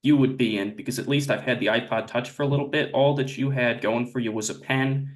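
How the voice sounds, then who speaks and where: A young man asking absurd questions as interviewer in a mock interview, earnest and measured. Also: mid-range voice, fairly even intonation.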